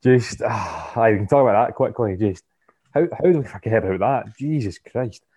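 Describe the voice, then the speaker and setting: A man's voice: lowish voice, fairly quick, dark tone, breathy edge. A man guesting on a podcast, chatting about sports casually, often stumbling and repeating words as he thinks. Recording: dull lo-fi podcast mic.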